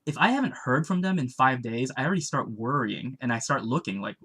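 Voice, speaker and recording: A man co-hosting a casual stream chat, animated and acting out the people he quotes. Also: medium pitch, fairly quick, slightly rough. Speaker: comic creator and stream co-host.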